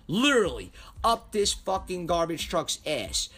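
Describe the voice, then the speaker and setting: Animated, foul-mouthed male storyteller. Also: high voice, measured pace, breathy edge. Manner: animated, heavy cursing. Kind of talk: profane personal anecdote.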